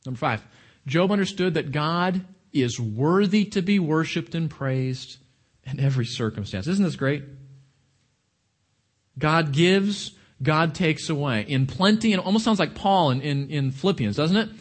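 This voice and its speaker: A man preaches to his congregation in a fairly high voice. He talks in an animated way, repeating and restarting words as he builds his points. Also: a little slow. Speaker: pastor. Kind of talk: sermon.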